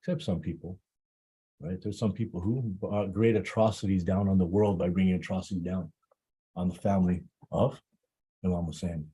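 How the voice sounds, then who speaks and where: A man preaching a Muharram sermon, halting often and repeating words as he builds his story. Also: low voice, fairly even intonation, mellow, slightly rough.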